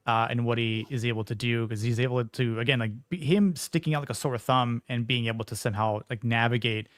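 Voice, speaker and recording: A man's voice: medium pitch, fairly even intonation, a little fast, no room sound. A man hosting a casual film chat, with a mid-range voice recorded dry and close. He rambles through his points with lots of fillers and restarts.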